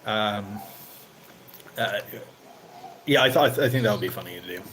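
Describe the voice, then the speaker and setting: In a low-quality recording with slight background noise, a man with a lowish, fairly bright voice hosts a casual livestream chat on his channel at a measured pace. He rambles with frequent "you know" fillers and becomes more animated when he retells stories.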